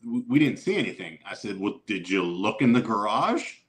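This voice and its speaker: A fairly low-voiced middle-aged man, spinning a story on a casual podcast. He swears freely and acts out what everyone said. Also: normal speed. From Youngstown area, Ohio, USA. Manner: animated storyteller who swears and acts out quotes. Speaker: podcast guest.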